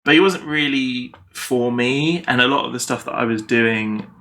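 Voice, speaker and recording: A man's voice: mid-range voice, normal speed, pushed and bright, slight background noise. A man chatting animatedly about his tabletop game characters, swearing casually, on a video call. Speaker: podcast guest.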